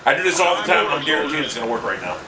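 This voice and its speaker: A man commentating his own shooter game match, ranting, swearing and yelling in frustration. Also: on the high side, sing-song, very fast, a crowd in the background. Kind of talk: live gameplay commentary. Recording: roomy, distant mic with loud game gunfire.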